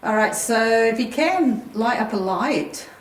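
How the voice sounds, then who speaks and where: A woman's voice: on the high side, animated, a little slow, far from the mic. A woman, a paranormal investigator, chatting and calling out to spirits in an underground mine tunnel. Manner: chatty and laughing. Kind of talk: casual chat, calling out to spirits. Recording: echoey tunnel, voice off-mic, faint noise.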